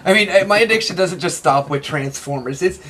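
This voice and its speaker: A young man talking in a casual interview, excitable and rambling, with lots of restarts. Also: high voice, a little fast. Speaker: interviewee, toy collector.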